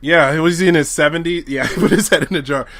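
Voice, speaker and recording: A man co-hosting a podcast in casual chat, excitable and laughing often as he talks. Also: on the high side, fast, no echo, studio quality. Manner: excitable, laughs a lot while talking. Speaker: podcast co-host.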